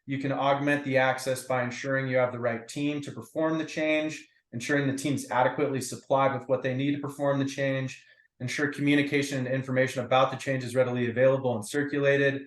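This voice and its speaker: Man, group facilitator, casual reflective talk, lots of fillers, video call, echoey room. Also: medium pitch.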